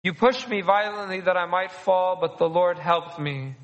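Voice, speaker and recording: Male priest, sermon delivery, loose and conversational, high voice, big reverberant church. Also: moderate pace, dull audio. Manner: conversational, repeats and restarts phrases.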